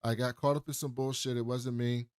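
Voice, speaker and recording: A man's voice: mid-range voice, little pitch movement, brisk, a little mellow, smooth, dry recording, clean studio sound. A man co-hosting a casual podcast, recapping a TV episode and acting out the characters' lines in playful voices. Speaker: podcast co-host.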